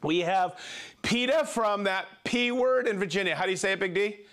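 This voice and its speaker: A man with a fairly high, bouncy voice reads through a long list of viewer shout-outs. His delivery is playful and jokey, with quick laughs between names. His pitch swings widely from phrase to phrase. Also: animated. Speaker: host.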